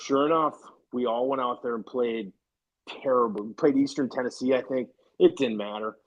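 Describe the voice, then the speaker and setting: A man telling lively anecdotes in casual chat, acting out the quoted lines of the people in them. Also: mid-range voice, moderate pace, dull audio. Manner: lively, acts out quoted dialogue.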